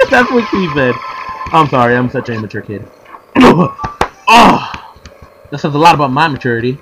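A young man giving sarcastic let's play commentary, yelling and screaming at the game. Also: a little high, wildly swooping pitch, unhurried, long pauses, heavy background noise. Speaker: gaming commentator. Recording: game music behind.

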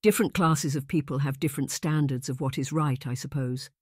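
A man's voice: mid-range voice, fairly even intonation, slightly rough, no echo, studio quality, natural voice. Man voicing a stiff young marquis. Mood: formal. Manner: measured, formal and lecturing, a touch awkward. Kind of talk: audiobook narration.

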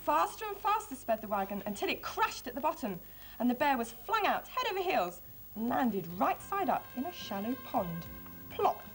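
Expressive woman reading to children. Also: high voice, normal speed, faint music behind. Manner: expressive, friendly storytelling. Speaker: children's TV presenter. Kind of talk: storybook reading and craft demonstration for children.

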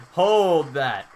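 A man's voice: a little high, a little mellow. A young man co-hosting a let's play, talking casually over a game, swearing often and laughing at his partner. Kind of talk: casual gaming commentary.

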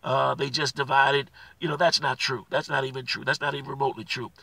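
Gravelly, husky preaching man. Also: mid-range voice, level tone, quick pace, sharp tone, no room sound, distant mic. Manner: preacherly, rises to emphatic declarations; repeats phrases, frequent uh fillers. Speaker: minister. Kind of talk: sermon.

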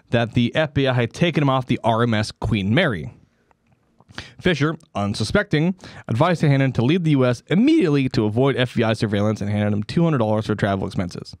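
A man's voice: mid-range voice, brisk, dry recording, clean studio sound. Laughing male podcast storyteller. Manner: reads history then riffs with jokey put-on voices, laughs often. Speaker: podcast co-host. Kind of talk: casual comedic storytelling.

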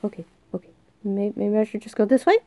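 A woman in her twenties, a gaming YouTuber, gives excited let's-play commentary while she plays, jumpy and veering between muttering and shrieking. Her medium-pitched voice is expressive, fast and dark in tone, recorded with no room sound.

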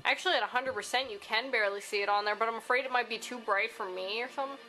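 Bright-toned woman doing a chatty swear-y let's play, slightly high, music under it. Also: rapid-fire. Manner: chatty, profane, excitable. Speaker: gaming streamer. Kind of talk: casual let's-play commentary.

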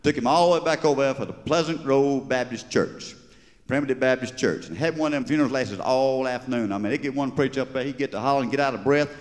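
Recorded live on stage with a long reverb tail, this Georgia man talks fast in a mid-range voice. He's a stand-up humorist with a Georgia Southern accent, telling folksy, meandering stories.

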